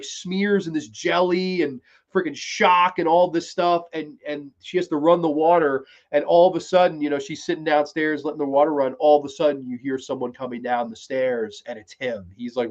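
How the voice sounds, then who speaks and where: A man's voice: a little high, lo-fi sound. A man hosting a podcast, casually recapping a TV episode in a rambling, profane way. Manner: rambling, profane, with quick acted quotes. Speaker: podcast host reviewing a TV series.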